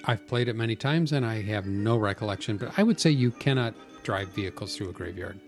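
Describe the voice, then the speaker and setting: Brief: relaxed male co-host, animated intonation, good-humored guesser. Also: lowish voice, a little fast, soft background music. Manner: easygoing, guesses answers, laughs along. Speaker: podcast co-host. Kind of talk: casual chat.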